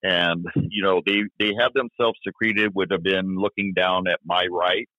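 A man, a former police officer, recounting events in an interview, halting with many fillers and restarts. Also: sits low, steady tone, sharp tone, no room sound. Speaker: retired police officer guest. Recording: dry, tinny phone-like line.

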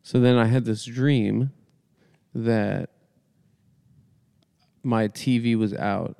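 A man co-hosting a podcast, telling rambling dream stories in a deadpan, casual way. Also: mid-range voice, extremely slow, creaky, smooth, no room sound, clean studio sound. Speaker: podcast co-host. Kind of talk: casual comedic chat. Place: small dry studio room.

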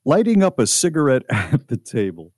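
A man's voice: medium pitch, wildly swooping pitch, normal speed, darkish tone, breathy edge, no echo, studio quality. A middle-aged man hosting a radio show, reading items aloud in casual banter and reacting with mock disgust.

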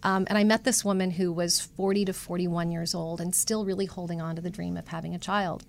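A woman's voice: on the low side, a little fast, creaky. A middle-aged woman, a matchmaker guest, telling a story with feeling and acting out the people she quotes. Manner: animated, emotional storyteller acting out quoted voices. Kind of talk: conversational storytelling interview.

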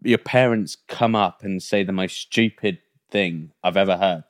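A man's voice: sits low, unhurried. A young man co-hosting a podcast, bluntly ranting about pet peeves in crude casual chat. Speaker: podcast co-host.

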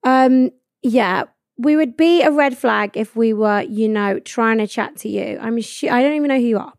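A creaky, fairly high voice at a moderate pace belongs to a young English podcast host in her 20s. Recorded cleanly in a studio with no echo, she's blunt and sweary, laughs often and uses "like" heavily in casual chat.

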